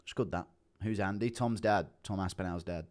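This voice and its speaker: A man's voice: low-pitched, normal speed, a little mellow. A man streaming live, chatting casually and laughing often as he reads out his chat on a streaming mic. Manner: laid-back, chuckling, reads chat aloud.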